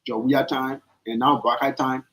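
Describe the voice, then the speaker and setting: A man's voice: normal speed, poor audio. A man, hosting a political opinion podcast and pressing his points with emphatic repetition. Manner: swings from low, calm reading to loud, high-pitched urging. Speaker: podcast host. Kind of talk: political opinion commentary on a live stream.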